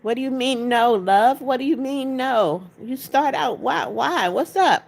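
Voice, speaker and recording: A woman's voice: high voice, animated, unhurried, vocal fry. A woman hosting a casual livestream, greeting viewers by name, reading their comments aloud and coaxing them to tap likes. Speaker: livestream host.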